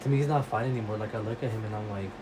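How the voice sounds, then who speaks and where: A man's voice: lowish voice, rapid-fire, background noise. A man co-hosting a podcast in casual chat, blunt and frank, swearing easily. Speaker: podcast co-host.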